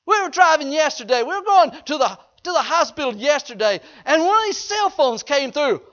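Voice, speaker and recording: A man's voice: extremely high pitch, animated, a little fast, a bit bright. A man preaching a sermon in a folksy way, joking with the congregation. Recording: dull lo-fi recording.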